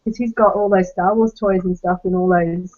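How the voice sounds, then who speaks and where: A young Australian woman chatting casually on a podcast, talking quickly from one story to the next, with an exasperated edge and casual swearing. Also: fairly low pitch, steady tone, darkish tone. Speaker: podcast co-host. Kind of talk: casual chat. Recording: slightly muffled lo-fi audio.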